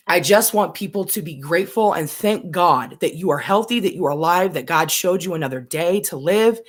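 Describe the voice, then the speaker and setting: Blunt, impassioned young woman ranting. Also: fairly low pitch. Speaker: vlogger, stay-at-home mom. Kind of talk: live-stream rant to viewers.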